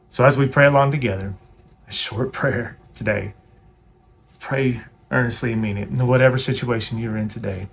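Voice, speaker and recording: Pastor, male, gravelly mid-pitched voice; earnest sermon and prayer, pleading, repetitive. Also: slight background noise.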